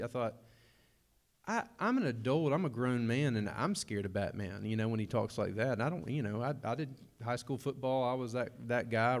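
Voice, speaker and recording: Conversational preacher. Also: male voice, medium pitch. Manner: conversational, with humorous asides. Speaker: pastor. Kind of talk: sermon.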